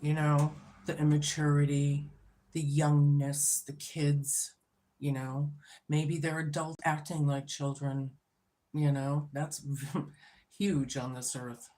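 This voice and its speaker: A woman's voice: deep voice, flat delivery, takes it slowly, warm tone. A woman giving a casual tarot reading on video, blunt and swearing freely as she talks through the cards and to herself. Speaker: tarot reader.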